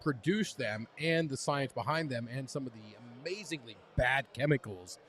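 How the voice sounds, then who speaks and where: A man in casual chat as a podcast co-host, joking loudly and repeating himself over drinks. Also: mid-range voice, lively intonation, moderate pace.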